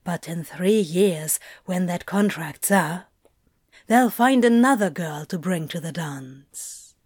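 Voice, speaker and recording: Smarmy salesman, low and sly; woman narrator voices him. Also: expressive, slow, darkish tone, breathy edge, no room sound, clean studio sound, exaggerated voice. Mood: schmoozing.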